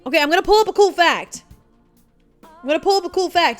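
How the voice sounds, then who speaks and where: A woman's voice: extremely high pitch, animated, a little fast. A woman streaming a video game, chatting casually with sarcastic asides and swearing. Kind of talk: casual gameplay commentary. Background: game music.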